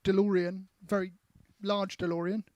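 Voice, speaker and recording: A man's voice: high-pitched, flat delivery, normal speed, darkish tone, no room sound. A man from England co-hosting a band's livestream, joking and reading out viewers' jokes. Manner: jokey, reads out viewer jokes. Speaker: band member, co-host. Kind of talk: casual chat.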